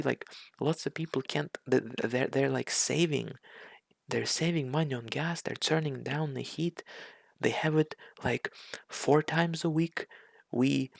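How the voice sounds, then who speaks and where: Husky gravelly man ranting in disbelief. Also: medium pitch, no room sound. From Russia. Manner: incredulous, sarcastic, stammering restarts. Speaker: reaction commentator. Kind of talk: ranting reaction commentary.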